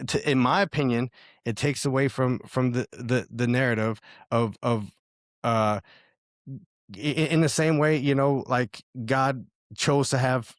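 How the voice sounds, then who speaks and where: A man thinking aloud in a relaxed talk about scripture, stumbling through restarts and fillers before landing on his meaning. His mid-range voice is recorded close and dry. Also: mid-range voice, a little slow, dry recording. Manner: hesitant, many restarts and fillers, searching for words. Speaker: podcast co-host. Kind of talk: casual faith discussion.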